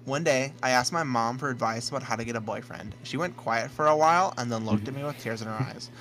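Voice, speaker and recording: A man of ordinary pitch reads a scary story aloud on a casual comedy podcast. He trips over words, restarts lines and laughs his way through the telling. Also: fast talker, fairly bright tone, a little hiss or hum, low-quality recording. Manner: stumbles and restarts, laughs mid-sentence. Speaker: podcast co-host.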